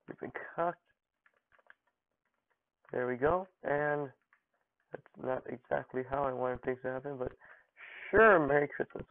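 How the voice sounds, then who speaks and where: Slow-talking young man, tinny dry sound. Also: mid-range voice, creaky, no room sound. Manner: joking, mock-dramatic taunts at opponents. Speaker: gaming channel host. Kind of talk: casual gameplay commentary. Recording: dry, phone-like narrow audio.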